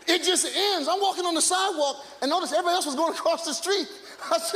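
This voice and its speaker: A man doing a stand-up set before a live audience, ranting in an animated, exasperated way and breaking into shouts. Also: extremely high pitch, fast, few pauses, a crowd in the background, background noise. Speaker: stand-up comedian. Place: comedy stage in a large club before a live audience. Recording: live club recording with hall echo and audience laughter.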